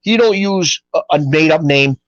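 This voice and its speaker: A middle-aged man, a guest telling stories in a casual interview, rambling and animated with street-style grammar. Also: fairly high pitch, normal speed, no echo. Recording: dull, dry lo-fi audio.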